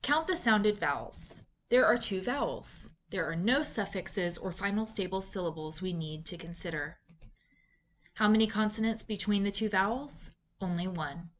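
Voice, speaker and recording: A woman giving scripted instructional narration for a reading lesson, in a clear, measured, deliberate teaching delivery. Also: medium pitch, a little hiss or hum. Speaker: literacy instructor.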